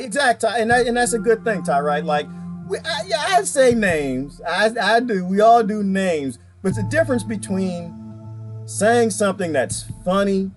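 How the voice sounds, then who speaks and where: A man in a casual live-stream chat with a lively, swooping delivery that stays somewhat high for a man. He rambles and hammers his points with repetition. Music plays clearly behind him. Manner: rambling, emphatic, repeats himself. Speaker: vlogger reading viewer comments.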